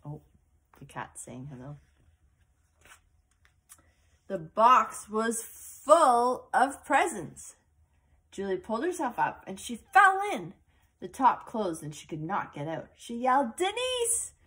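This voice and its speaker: A woman reads a picture book aloud to a child at an unhurried pace. Her voice is soft and a little breathy, and her pitch moves freely as she stops to point out the pictures. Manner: slow, expressive, with asides to a child. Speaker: storyteller reading to a child.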